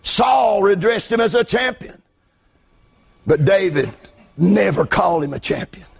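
A man pastor preaching a revival sermon from the pulpit, shouting in a chanting preaching cadence. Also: high voice, animated, unhurried, gravelly, slightly rough. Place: church pulpit.

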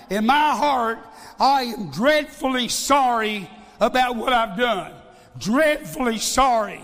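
A man's voice: very high-pitched, fairly bright tone. A male evangelist preaching a sermon, emphatic, repeating phrases and firing rhetorical questions. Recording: long hall reverb.

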